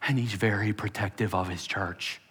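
Emphatic preacher with hall echo. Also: male voice, lowish voice, fairly even intonation, moderate pace, fairly bright tone, breathy edge. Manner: emphatic, talks straight to the congregation. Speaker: pastor. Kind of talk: sermon. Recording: long hall reverb.

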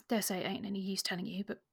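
A woman reading aloud the part of a plain-spoken, slangy young gentleman who proposes, in a soft, hushed voice. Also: mid-range voice, flat delivery, fast talker, vocal fry, breathy edge. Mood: earnest.

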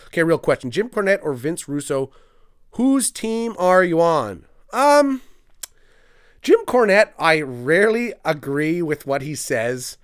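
Young Canadian man, podcast host, riffs on comments with crude jokes; smooth, fairly high voice. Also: fairly bright tone. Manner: joking, crude, self-mocking banter. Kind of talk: casual live-stream chat reading comments.

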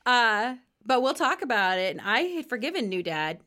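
A woman's voice: a little high, sing-song, normal speed, bright, forceful tone. A woman guest on a faith talk show telling her personal testimony in an earnest, conversational way, often laughing and acting out quoted dialogue.

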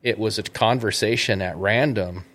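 A man's voice: lowish voice, moderate pace, a bit bright. A man hosting an interview podcast in casual chat, rambling and thinking aloud with restarts and chuckles. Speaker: podcast host.

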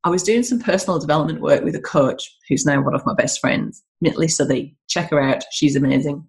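Talking to camera in her home kitchen, a business owner and health coach chats casually, dropping in asides and laughter. She speaks low, a little fast, and with some creak, over poor-quality audio.

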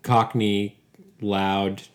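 A man's voice: fairly low pitch, level tone, very slow. Male co-host, film talk, articulate and emphatic, analytical tone. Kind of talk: casual film discussion.

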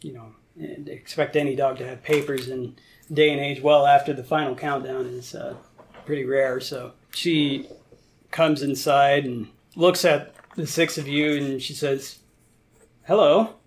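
A man's voice: medium pitch, little pitch movement, measured pace, a little hiss or hum. A man narrating as game master, rambling with many fillers.

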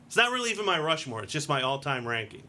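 Bright-voiced chatty male podcast host. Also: fairly high pitch, sing-song, fast talker. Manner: chatty, laughs often. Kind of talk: casual wrestling podcast chat.

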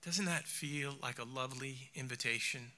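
Man preaching in a bright, forceful voice. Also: medium pitch. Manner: reflective, slows down and softens for emphasis. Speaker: speaker. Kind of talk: sermon.

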